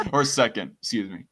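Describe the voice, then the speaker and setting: A man's voice: mid-range voice, sharp tone, breathy edge. A man hosting a casual live stream, stammering and trading crude jokes with a guest. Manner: stammering, crude joking banter.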